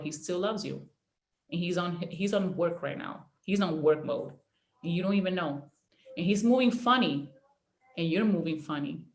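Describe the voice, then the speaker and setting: A woman's voice: fairly low pitch, fairly bright tone. Woman, network marketing leader, preachy and emphatic, repetitive, echoey room recording. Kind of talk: motivational training talk.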